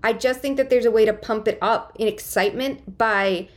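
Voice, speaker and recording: A woman co-hosting a casual podcast, giving opinions in an animated way and swearing freely. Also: fairly high pitch, normal speed. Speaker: podcast co-host.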